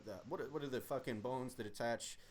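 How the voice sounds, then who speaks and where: A man's voice: mid-range voice, quick pace, darkish tone, slight background noise. A young man and army veteran, casually telling profane, rambling stories about his service. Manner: profane, rambling war storytelling. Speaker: army veteran podcast guest. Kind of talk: casual chat.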